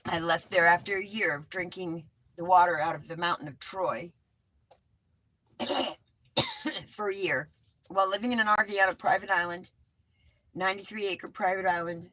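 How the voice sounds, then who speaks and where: A woman's voice: on the low side, fairly even intonation, moderate pace, pauses often, pushed and bright, no room sound, low-quality recording. A middle-aged woman from California chatting rambly and informally with her viewers from inside a small RV, calling them hun. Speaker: vlogger. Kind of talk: casual livestream chat.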